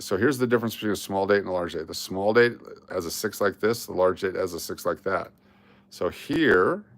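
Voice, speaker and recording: A deep-voiced man with a gravelly, fry-heavy tone talks to camera while searching through coins. He mutters dates and mint marks as he goes, gets excited over a possible find and groans at the misses. It is a loose, casual commentary. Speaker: coin roll hunting host. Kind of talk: casual coin-hunting commentary.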